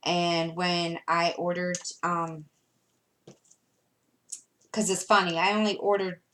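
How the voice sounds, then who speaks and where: A woman's voice: on the low side, level tone, slow pace, fairly bright tone. A middle-aged woman with a Southern American accent, chatting casually in a rambling way while she sorts her embroidery floss for a crafting vlog. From United States. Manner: rambling, chatty, often trailing off with fillers. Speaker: cross-stitch vlogger.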